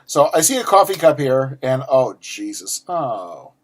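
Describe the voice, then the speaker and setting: A foul-mouthed man in his forties talks his way through a subscription box at an ordinary middle pitch. He rants sarcastically and stumbles over repeated words. Nothing about his voice stands out beyond the attitude. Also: very animated, a little slow. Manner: ranty, profane, sarcastic, frequent restarts. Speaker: unboxing vlogger. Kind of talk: casual unboxing chat.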